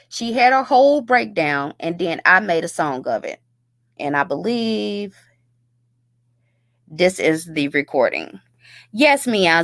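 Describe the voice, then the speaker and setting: A woman's voice: medium pitch, no room sound. A woman hosting a commentary video, ranting bluntly and scornfully with heavy profanity. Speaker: YouTube commentary host.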